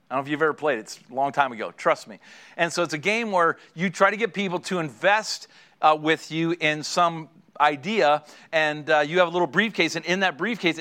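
A man's voice: a little high, bright, forceful tone. A middle-aged male pastor preaching to married couples, storytelling and speaking directly to his congregation. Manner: storytelling, addresses the congregation directly, laughs at own stories.

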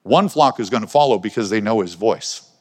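Preacher with long hall reverb. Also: male voice, on the low side, expressive, brisk. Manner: conversational, asks the congregation questions. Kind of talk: sermon. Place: church hall.

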